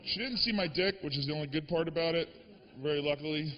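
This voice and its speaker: A man from the Boston area performing a stand-up comedy set, telling stories in an animated, profane way. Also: on the high side, fast talker, long reverb tail, highs cut off.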